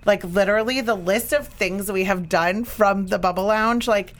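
A woman's voice: medium pitch, normal speed. Chatty middle-aged woman from the Chicago area, rambling podcast guest, lots of fillers and laughter. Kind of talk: casual chat.

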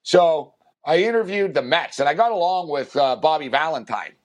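A man's voice: a little high, lively intonation, moderate pace. A man telling a long, rambling anecdote on a sports podcast, full of fillers and acted-out quotes. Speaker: podcast co-host. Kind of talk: casual storytelling.

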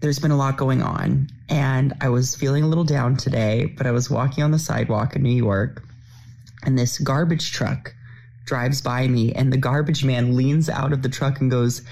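A woman's voice: very deep voice, fairly even intonation, moderate pace, vocal fry, darkish tone. Chatty, gushing woman in a selfie video. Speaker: social media creator. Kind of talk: casual selfie video monologue.

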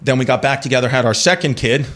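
This man in his forties is a comedian guest on a talk show, telling a rambling story that keeps interrupting itself as he breaks into laughter and does voices for the people involved. He talks fast, with a medium pitch and a fairly bright tone.

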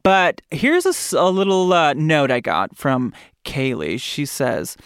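A man hosting a podcast in a casual, campy and chatty way, often jumping up into high squeals. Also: lively intonation, moderate pace, no echo, clean studio sound. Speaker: podcast host.

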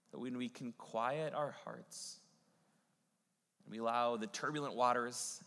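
A male pastor preaching a sermon, swinging between booming Bible reading and hushed, intimate passages. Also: creaky. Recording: long hall reverb.

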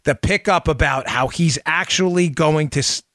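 Male talk host, sarcastic and mocking, pitched a little high, swings from loud jabs to quiet asides. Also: moderate pace, no room sound, clean studio sound. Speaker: political talk show host. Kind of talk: opinionated commentary.

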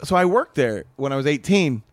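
A man's voice: a little high, expressive, fairly quick, no room sound. Rambling Kansas man telling stories. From Kansas, USA. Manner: rambling storytelling, acts out quotes. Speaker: comedian guest. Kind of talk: casual podcast chat.

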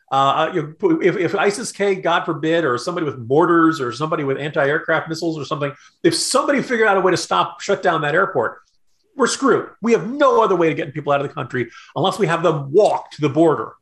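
Guy cohosting a politics podcast, kinda worked up and exasperated, fires off rhetorical questions, voice a bit on the high side. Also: fairly bright tone. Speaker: podcast co-host. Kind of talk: political commentary chat.

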